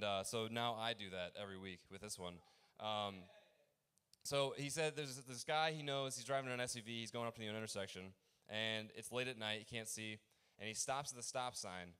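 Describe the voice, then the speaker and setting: A young man performing a rambling open mic stand-up set, halting often with fillers and restarts. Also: medium pitch, fairly bright tone, clear, resonant tone.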